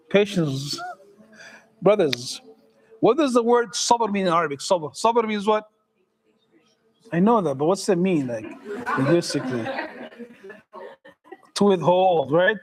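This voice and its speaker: A middle-aged imam with a high voice gives a loose, conversational sermon in a mosque hall. He jokes with the congregation and keeps asking them questions. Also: lively intonation, takes it slowly, long pauses. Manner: joking, conversational, asks the audience questions.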